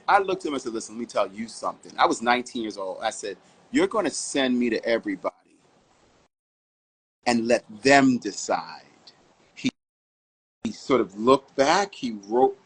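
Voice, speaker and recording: A man from Harlem, New York, telling stories as a fashion model guest in an interview, animated and full of vivid asides. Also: mid-range voice, husky, poor audio. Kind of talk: storytelling interview answers.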